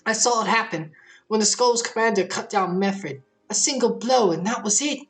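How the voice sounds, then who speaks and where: A woman reading video game dialogue aloud as a shaken young woman warrior, in an earnest, halting delivery. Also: mid-range voice, soft background music, natural voice. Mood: somber.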